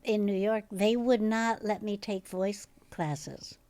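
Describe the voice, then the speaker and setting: An older actress with a distinctive, recognizable voice, telling stories as a podcast guest with frequent laughter. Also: female voice, mid-range voice, slow, no echo. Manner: lively, laughs often while telling stories. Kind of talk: casual interview storytelling.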